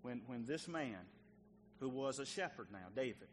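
A man's voice: mid-range voice, expressive, moderate pace. Male pastor, folksy sermon delivery, talks straight to the pews; long hall reverb. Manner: folksy, talks directly to the congregation. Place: church sanctuary. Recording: long church reverb, faint noise.

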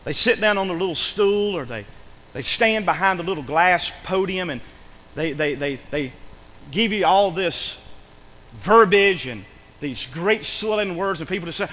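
A man preaching a sermon in a church, emphatic and repetitive, dropping to a hush and then rising again. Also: sits high, animated, moderate pace, in a large hall, slight background noise, rough recording. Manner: emphatic, repetitive, swings between loud and hushed.

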